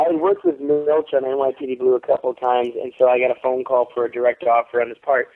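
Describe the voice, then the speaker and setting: A man being interviewed as an actor, telling stories in a profane, animated way over the phone. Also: medium pitch. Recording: tinny phone line.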